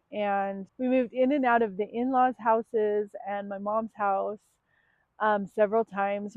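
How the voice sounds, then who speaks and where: A woman's voice: medium pitch, no echo. A woman in her thirties telling her own story in a candid, emotional vlog, full of ums and likes. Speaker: vlogger. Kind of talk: personal confessional vlog. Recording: dry, tinny phone-like sound.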